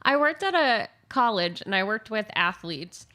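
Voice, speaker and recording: A woman's voice: mid-range voice, big pitch swings, measured pace, sharp tone. A woman co-hosting a radio show, chatting casually with an amused, easygoing manner. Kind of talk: casual chat.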